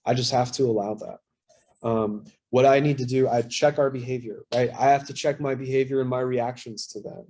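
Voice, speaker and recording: A man's voice: mid-range voice, steady tone, brisk, a little mellow. A man in his thirties sharing candidly at a recovery workshop, talking in a casual, self-deprecating way with plenty of fillers and swearing. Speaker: workshop speaker.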